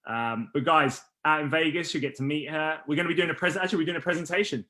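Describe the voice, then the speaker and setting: A man hosting a casual business team call, energetic and rallying, who says he is losing his voice. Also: on the high side, fast. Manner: energetic, rallying, restarts often.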